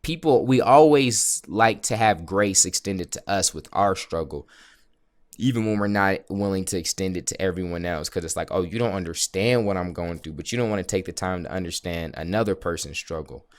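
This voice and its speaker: A man's voice: deep voice, moderate pace. A man talking frankly to his viewers in a motivational vlog, earnest and repeating himself as he builds a point. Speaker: vlogger. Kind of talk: motivational casual vlog talk.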